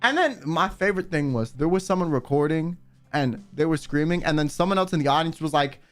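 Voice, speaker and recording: A young man chatting casually on a livestream, telling a story with lots of swearing and sudden high yelps. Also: animated, fairly quick, soft background music. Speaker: streamer. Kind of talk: casual stream chat.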